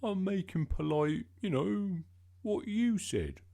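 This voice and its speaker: A man voicing a stubborn, hungry young schoolboy in a storybook reading, in a high, earnest voice. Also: expressive, slow, vocal fry, mellow, heavily acted.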